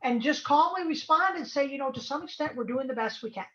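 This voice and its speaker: Woman, high lively voice, emphatic, encouraging, echoey dull call audio. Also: fast talker. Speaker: guest speaker. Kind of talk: webinar talk.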